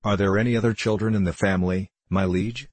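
A man's voice: on the low side, steady tone, fast, a little mellow, no room sound, close to an everyday voice. A man voicing a sour, meddlesome old fairy prime minister with a nasal twang, cross and snarling, in a storybook reading.

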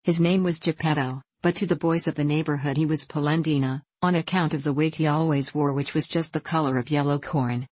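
Woman narrator, low voice, dry close recording. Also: fairly even intonation, a little fast, few pauses, darkish tone, no echo. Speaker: audiobook narrator. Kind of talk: storybook reading.

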